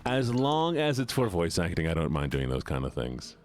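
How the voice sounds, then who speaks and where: A male game streamer who chats playfully with viewers and laughs often. His low voice leaps around in pitch, and there is faint music underneath. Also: big pitch swings, moderate pace. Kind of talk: casual live-stream chat while gaming.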